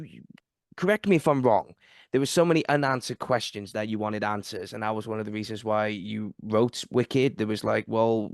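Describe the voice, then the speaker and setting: A man hosting a podcast, asking questions in a casual, halting way. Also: medium pitch, a little mellow, no room sound, clean studio sound. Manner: casual, halting, many fillers. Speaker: podcast host. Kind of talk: interview.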